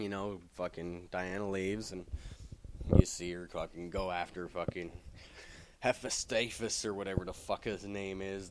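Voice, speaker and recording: A man casually recapping a comic book plot, rambling and swearing heavily. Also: a little hiss or hum. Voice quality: low voice, heavy swearing, rambling.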